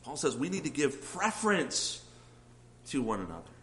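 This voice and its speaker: A man's voice: medium pitch, very animated, moderate pace, a bit bright, slight background noise, poor audio. A man preaching a sermon, earnestly putting questions to his listeners. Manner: earnest, asks the congregation questions.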